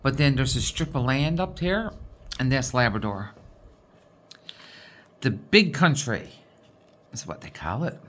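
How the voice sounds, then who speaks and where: A woman's voice: extremely low pitch, animated, measured pace, pauses often. A woman with a Newfoundland accent, chatting casually and rambling as she sorts her diamond painting supplies. She has a folksy manner and often ends sentences with "boy". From Newfoundland, Canada. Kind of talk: casual rambling chat while sorting craft supplies.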